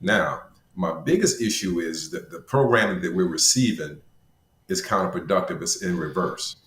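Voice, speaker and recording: A man with a very deep voice explains his point in a measured, preacherly way, as a guest doctor on a talk panel. His voice carries a roomy echo, as if he is speaking in a bare room. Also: fairly bright tone. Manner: measured, preacherly, uses church terms.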